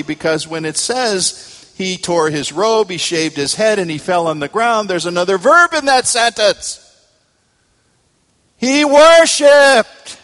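A pastor preaching a sermon, telling stories dramatically and building to emphatic peaks. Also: male voice, on the high side, a bit bright. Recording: long hall reverb.

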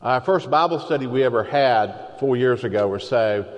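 A man's voice: mid-range voice, animated, moderate pace. Man preaching in an echoing hall. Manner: conversational storytelling, with quoted voices. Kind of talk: sermon. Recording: long hall reverb.

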